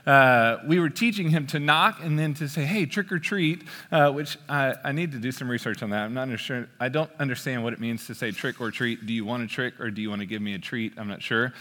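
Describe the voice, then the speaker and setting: A man in his thirties preaching a sermon, telling a story in a relaxed, joking way with frequent "uh" fillers. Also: mid-range voice, a little fast, few pauses. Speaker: pastor. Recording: long hall reverb.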